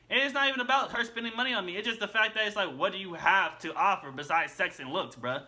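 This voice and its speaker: High, bright-voiced man reacting bluntly. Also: fast, hardly any pauses. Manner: blunt, repeats himself, slangy with "bro". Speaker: reaction video host. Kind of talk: casual reaction commentary.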